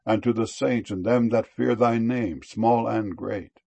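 Guy reading king james verses, slow and solemn, gravelly husky voice. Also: fairly low pitch, fairly even intonation, warm tone. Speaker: scripture reader.

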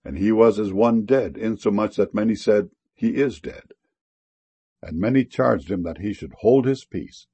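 A man giving a measured, solemn scripture reading in archaic wording. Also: fairly low pitch, mellow, husky, highs cut off.

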